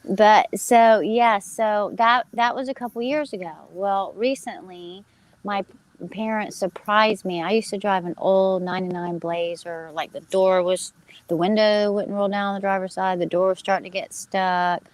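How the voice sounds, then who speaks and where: A woman casually telling a personal story to a group, animated and quickly fired up, talking to her listeners directly. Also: medium pitch, low-quality recording. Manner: animated, gets fired up, acts out quoted voices; talks to listeners as "you guys".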